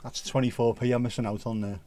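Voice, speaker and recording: A man's voice: mid-range voice, little pitch movement, fast talker, mellow. Jokey man hosting a livestream. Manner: jokey, teasing, rambling. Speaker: livestream host. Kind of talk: casual livestream chat with viewers.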